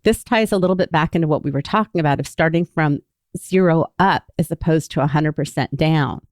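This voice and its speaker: A woman in her sixties speaks in a low, clear, resonant voice. She talks openly and thoughtfully through her own feelings, like a former therapist telling a personal story. The sound is dry and close. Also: brisk, dry recording. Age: 60s. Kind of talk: personal storytelling in a candid podcast conversation.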